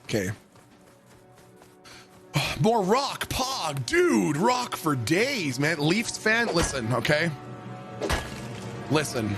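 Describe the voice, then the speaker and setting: A man's voice: a little high, sing-song, extremely slow, pauses often, music in the background. Joking Canadian man, swearing freely. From Canada, Greater Toronto Area. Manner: joking, profane, teasing. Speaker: game streamer. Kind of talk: casual livestream chat. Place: home basement office.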